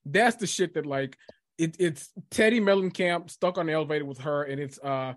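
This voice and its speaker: A man's voice: on the high side, brisk, no room sound, studio quality. A man co-hosting a podcast in casual chat, blunt and profane, exasperated. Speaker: podcast co-host.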